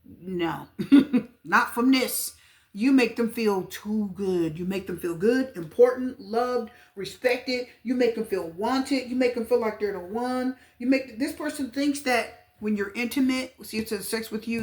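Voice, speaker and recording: A woman's voice: fairly high pitch, a little slow. A woman giving a pick-a-card tarot reading to her viewers, chatty and repetitive, talking straight to them. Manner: chatty, repeats herself, talks straight to viewers. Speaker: tarot reader.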